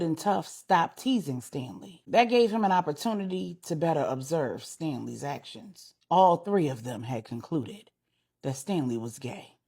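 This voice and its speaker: Woman, storyteller, adult bedtime story, husky voice, animated. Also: fairly low pitch.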